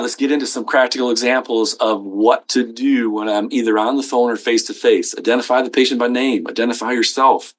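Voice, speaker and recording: A middle-aged man leading a healthcare billing training session, folksy and fond of acting out quoted conversations. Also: mid-range voice. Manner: folksy, acts out quoted exchanges. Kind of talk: live training talk to staff.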